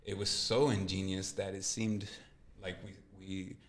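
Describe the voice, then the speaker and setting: Guest man, very low voice, reflective storytelling, echoey room. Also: little pitch movement, measured pace. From California. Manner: earnest, reflective storytelling with acted quotes. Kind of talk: casual interview chat.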